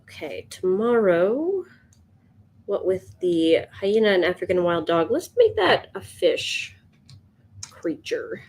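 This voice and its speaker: Woman, sketch livestream, slow unhurried talk, casual thinking aloud, yawny. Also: lowish voice, sing-song, a little mellow.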